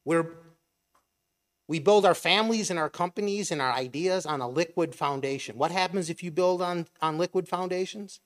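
A man's voice: fairly high pitch, normal speed. A middle-aged man giving a conversational sermon, asking rhetorical questions and briefly acting out imagined voices. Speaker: preacher.

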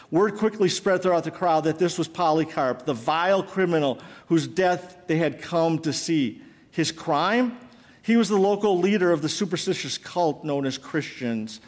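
A preacher telling a story in a hall. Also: male voice, a little high. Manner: dramatic retelling, then earnest exhortation. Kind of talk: sermon storytelling. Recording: long hall reverb.

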